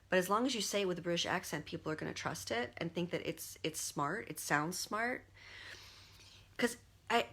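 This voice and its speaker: An artist hosting a livestream chats with her viewers in a casual, rambling monologue full of fillers and restarts. Her voice is fairly low in pitch with a slightly bright quality.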